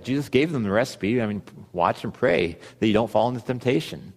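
Male pastor, mid-pitched, earnest sermon delivery; long reverb from a hall. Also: expressive, a little mellow. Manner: earnest, reads scripture aloud with pauses.

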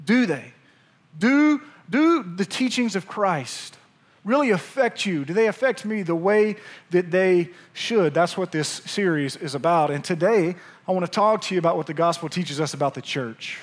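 A pastor preaching to his church, his voice sitting high for a man. He tells his story in an animated, chatty way and keeps turning to the congregation with asides. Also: normal speed. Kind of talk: sermon with storytelling. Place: church sanctuary.

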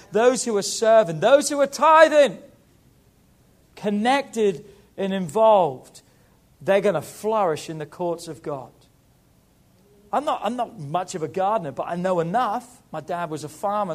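A middle-aged man preaching a sermon as pastor, building emphasis through repeated rising phrases. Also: high voice.

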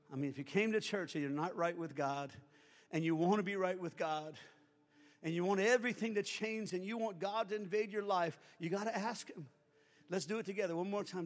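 A pastor delivering a sermon and leading the congregation line by line in a prayer, moving between loud exhortation and quiet pleading. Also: male voice, high-pitched, brisk, in a large hall, faint music behind. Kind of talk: sermon with altar-call prayer.

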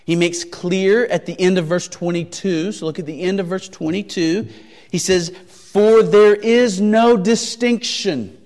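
A man preaches a sermon as pastor in a high voice, deliberate and emphatic, repeating key phrases and posing searching rhetorical questions. The sound is that of a big room.

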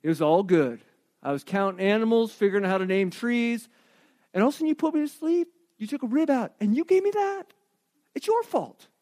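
A man voicing a whiny, blame-shifting biblical man who protests loudly and indignantly. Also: high voice, animated, a little fast. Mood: indignant whine.

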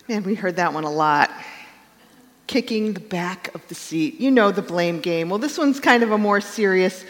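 A woman's voice: lowish voice, animated, moderate pace, big-room sound. A woman pastor giving a conversational sermon and telling stories with acted quotes.

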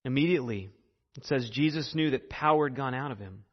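A man preaching a sermon earnestly, repeating phrases and pausing for effect. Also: medium pitch, in a large hall, dull audio. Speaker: pastor.

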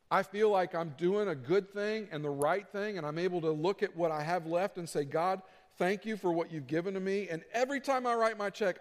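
A middle-aged pastor delivers his sermon in an earnest, conversational way, acting out what others might say. His voice sits a touch high for a man. A long reverb from the church sanctuary trails every phrase. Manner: earnest, conversational preaching with quoted asides.

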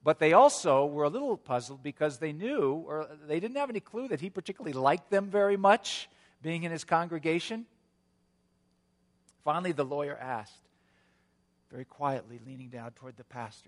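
A male pastor preaching a sermon, telling a story in an earnest way with gentle humor. His voice sits a little high for a man, and it rings out with a long reverb in a church sanctuary. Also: expressive, moderate pace.

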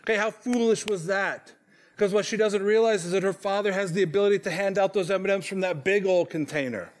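Man, pastor, high voice, conversational sermon, self-deprecating, keeps asking "okay?", church sanctuary. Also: brisk.

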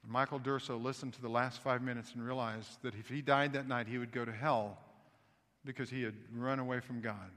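A man from the American South with a Southern accent, preaching a sermon as pastor and telling a story with animated restarts. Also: mid-range voice, a little fast, big-room sound. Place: church sanctuary.

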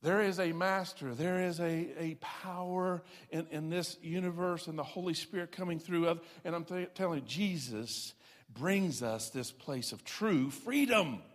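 A man's voice: a little high, measured pace. A man preaching a sermon, folksy and self-deprecating, stressing points with repeated emphasis. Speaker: pastor. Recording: long reverb of a large hall.

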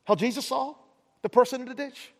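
A man's voice: extremely high pitch, brisk, in a large hall. A man preaching a sermon in a conversational way, often restarting words and pressing harder on the key points. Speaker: pastor.

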